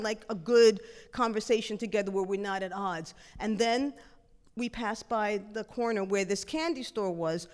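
A middle-aged woman telling a personal story in a lively, animated way, jumping into acted-out dialogue. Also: medium pitch, in a large hall.

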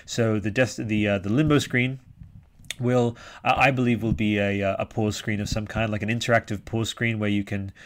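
A man's voice: fairly low pitch, fairly even intonation, moderate pace. A man hosting a live podcast, chatting enthusiastically and reading out viewer comments. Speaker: podcast host.

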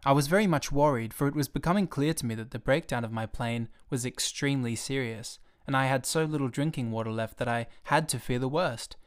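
A man reading a storybook aloud at a middle pitch. His delivery is gentle and expressive, and he never rushes a line. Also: clean tone. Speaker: storybook reader.

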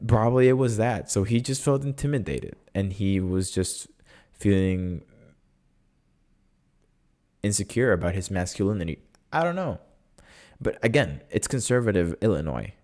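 A man's voice: fairly low pitch, animated, normal speed, a little mellow. A man hosting his own podcast, telling a story in a rambling, sarcastic, casual way. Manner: chatty and rambling, full of "like" and self-corrections; wry and sarcastic. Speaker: podcast host.

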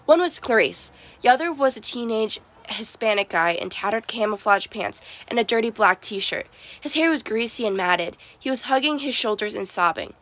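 A woman reading a first-person storybook narration, expressive and lively. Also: fairly high pitch, normal speed. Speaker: audiobook narrator.

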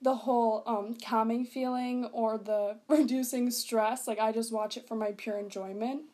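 Bright-voiced young woman presenting casually. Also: on the high side, fairly even intonation, moderate pace. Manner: chatty, laughs often, fillers.

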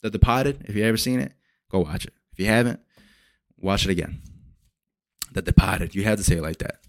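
A young man hosting a solo podcast, rambling and swearing as he retells movie scenes with lively energy. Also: lowish voice, fast talker, dry recording. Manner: rambling, profane, animated retellings. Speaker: podcast host. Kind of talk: casual solo podcast rant.

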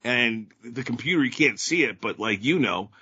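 Middle-aged male podcast co-host, bright and husky, rambling casual chat, dull lo-fi audio. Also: mid-range voice, expressive, normal speed. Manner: rambling, with many fillers.

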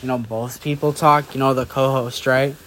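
A man's voice: mid-range voice, steady tone, moderate pace, fairly bright tone, slight background noise. A drunk young man in casual late-night chat, rambling loosely and drifting off track.

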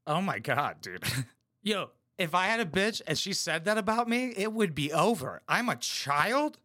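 Here the same reaction commentator, bright and forceful with a slightly high pitch, swings his pitch widely at a moderate pace. He trashes a reality show with blunt, crude insults, recorded close and dry with no room sound.

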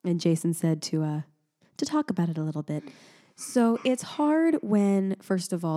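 A young adult woman co-hosting a podcast in casual chat, talking in an animated way, laughing often and sounding sleep-deprived. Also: lowish voice, normal speed. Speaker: podcast co-host.

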